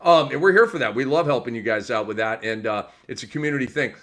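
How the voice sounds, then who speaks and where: A man hosting a fantasy basketball podcast, energetic and joking, with many fillers and restarts. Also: medium pitch, fast talker, few pauses. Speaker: podcast host. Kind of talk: casual sports podcast chat.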